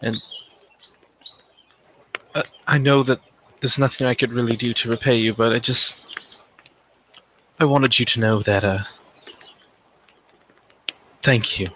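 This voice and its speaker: A man voicing a frail, pale young sylph woman who softly and haltingly whispers her thanks in a whispered role-play. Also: mid-range voice, fairly even intonation, slight background noise, pitched above the performer's own voice. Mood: whispered gratitude. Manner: soft, hesitant, halting.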